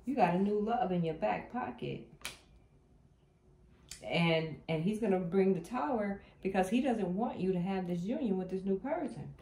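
Blunt, animated woman tarot reader. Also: mid-range voice, moderate pace. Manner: animated, blunt, swears freely, talks straight to viewers. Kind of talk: tarot reading vlog. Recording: echoey room with faint noise.

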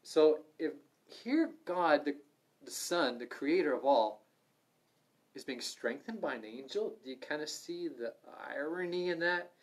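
A man's voice: fairly high pitch, expressive, unhurried. A man leading a livestreamed Bible study, preaching fervently with sudden emphatic stresses. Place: room in an assisted living home.

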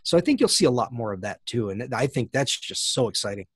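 A man's voice: medium pitch, lively intonation, brisk, slightly rough, no room sound. Thoughtful man, dry close sound. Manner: thoughtful, many fillers and restarts. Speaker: guest, plant scientist. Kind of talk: conversational interview answers.

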